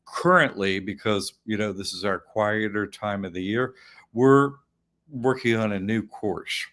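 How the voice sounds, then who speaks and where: A man's voice: lowish voice, unhurried, a bit bright. A man hosting an online academy show, chatting casually and rambling, often laughing. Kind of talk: casual chat.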